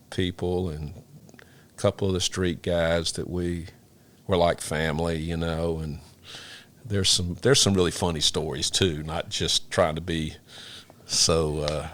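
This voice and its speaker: An older man, a retired fire lieutenant recalling his career in an emotional, halting interview. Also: deep voice, fairly bright tone. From Memphis, Tennessee, US. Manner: halting, repeats and restarts words, emotional.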